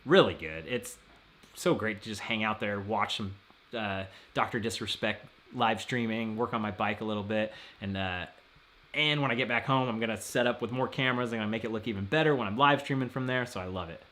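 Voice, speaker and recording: A man's voice: lowish voice, brisk, a bit bright. A man hosting a casual live stream, rambling and laughing often as he reads out viewer messages.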